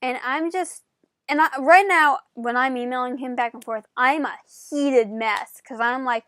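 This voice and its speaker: High-voiced chatty woman vlogger. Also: a little slow, no echo, clean studio sound. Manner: animated, chatty, many "like" fillers. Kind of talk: casual storytelling to camera.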